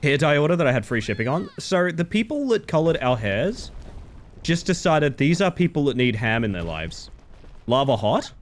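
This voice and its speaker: Lively, playful male streamer. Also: on the high side, normal speed. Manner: playful, animated, swears freely. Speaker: livestreamer. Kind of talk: casual chat while gaming live.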